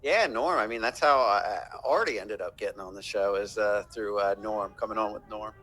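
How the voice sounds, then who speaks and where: Podcast cohost guy, bright voice, swears a lot while telling stories. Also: lowish voice, normal speed. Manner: profane, storytelling. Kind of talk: casual chat.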